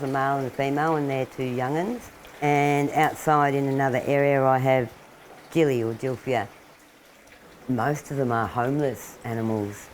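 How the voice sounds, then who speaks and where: Low-voiced Australian woman, chatty. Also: a little mellow, a little hiss or hum, low-quality recording. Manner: chatty, laughs often, coos at animals. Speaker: wildlife carer. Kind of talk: casual talk to camera while feeding animals. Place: indoors at home.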